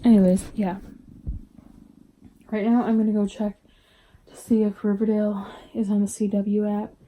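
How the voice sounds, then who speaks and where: A young woman chatting casually to camera in a book vlog at home, drifting into soft whispers. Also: medium pitch, little pitch movement, moderate pace, rough recording. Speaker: book vlogger.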